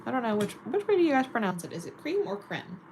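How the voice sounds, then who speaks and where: A woman's voice: fairly high pitch, very animated, fast, darkish tone, slight background noise, rough recording. A woman chatting casually and giggling while doing her nails on camera. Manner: chatty, giggly, self-mocking. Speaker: nail vlogger.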